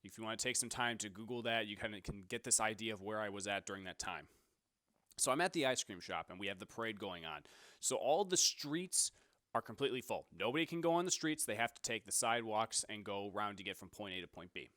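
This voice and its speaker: A man's voice: on the low side, fast talker, bright, forceful tone, no echo, clean studio sound. A young man hosting a talk show, telling a work story in a casual, rambling way and correcting himself as he goes. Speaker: podcast host.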